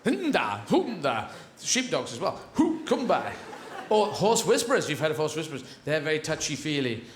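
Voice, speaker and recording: On a large theatre stage, a man performs stand-up comedy, talking animatedly and jumping between voices. His voice is a little high, with lively intonation and a brisk pace, and the echoey live recording has a little hiss or hum.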